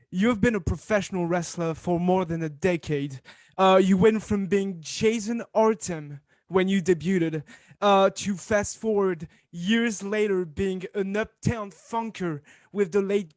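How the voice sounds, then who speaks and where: French-accented man, high voice. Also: a little mellow, dry recording. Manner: admiring, hesitant with fillers. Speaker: press call journalist. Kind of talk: interview question.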